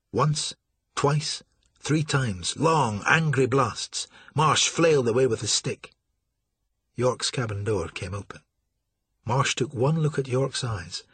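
A man reads an audiobook with steady, dramatic storytelling. His voice is husky yet bright. The recording is close and dry. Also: medium pitch, no room sound. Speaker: narrator. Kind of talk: audiobook narration.

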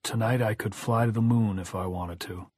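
A man voicing a drunk, sulky young husband who talks in a slow, sullen mutter. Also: fairly low pitch, fairly even intonation, darkish tone, slightly rough, no echo.

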